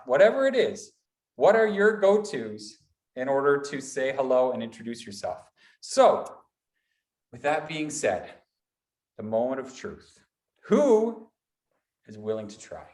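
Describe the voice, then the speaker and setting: A man presenting a motivational workshop, talking in lively repeated lists like a college instructor. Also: mid-range voice, measured pace, echoey room. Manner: animated, builds repetitive lists.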